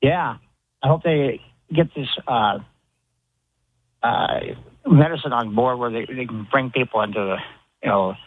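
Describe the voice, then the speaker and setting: A man calling in to a radio show, relaxed and rambling with a few hesitations. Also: mid-range voice, measured pace, long pauses, slightly rough. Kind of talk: casual call-in chat. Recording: tinny phone line.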